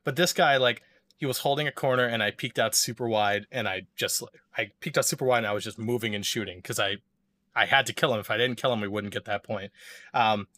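Bright-voiced man telling a story. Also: medium pitch. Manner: rambling, many fillers and restarts. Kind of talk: casual chat.

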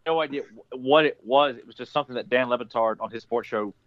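A man's voice: mid-range voice, fast talker, no room sound. A man co-hosting a casual chat show, making crude, teasing jokes. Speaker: co-host. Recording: dull lo-fi sound.

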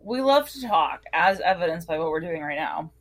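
A woman's voice: lowish voice, lively intonation, moderate pace. Laid-back young woman recapping a show. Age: young adult. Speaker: podcast co-host. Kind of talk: casual chat.

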